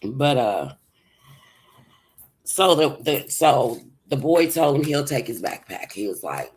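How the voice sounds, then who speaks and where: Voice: medium pitch, very animated, slow pace, rough recording. A livestream host telling a personal story, rambling and circling back with many restarts.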